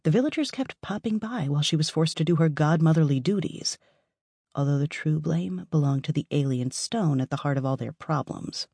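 Woman reading a fantasy audiobook, lively storyteller, bit husky, dry close sound. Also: low voice, a little fast, dry recording. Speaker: audiobook narrator. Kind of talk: scripted narration.

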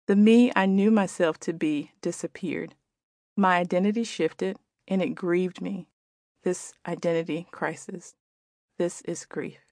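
Gentle woman reading her own book aloud. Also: on the low side, no room sound, clean studio sound. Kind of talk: audiobook narration.

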